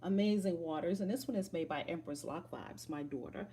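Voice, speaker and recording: A middle-aged woman telling a story on a casual livestream from a room at home, animated and emphatic, repeating her phrases. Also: fairly low pitch, brisk, reverberant. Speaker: spiritual vlogger. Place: home room with altar and shelves. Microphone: phone camera.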